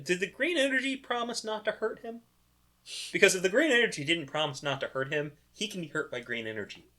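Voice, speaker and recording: A woman co-hosting a comics podcast, trading deadpan quips and gushing over panels in casual banter. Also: lowish voice, fairly quick. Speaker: podcast co-host.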